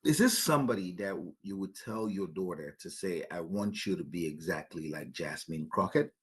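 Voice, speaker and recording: A man's voice: low-pitched, animated, moderate pace. Man musing aloud in rhetorical questions. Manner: emphatic, repeats words when starting sentences; poses rhetorical questions to listeners. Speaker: podcast host. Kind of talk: opinionated commentary.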